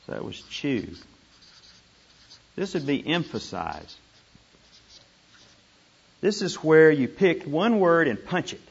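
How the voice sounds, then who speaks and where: Husky man teaching a Bible workshop. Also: a little high, slow pace, long pauses. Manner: animated, repeats and punches words. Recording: dull lo-fi room recording.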